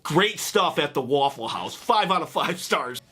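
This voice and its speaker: Male reaction host, high and bright-voiced, casual and jokey. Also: lively intonation, a little slow. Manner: chatty, jokey, laughs at own stories. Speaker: wrestling reaction video host.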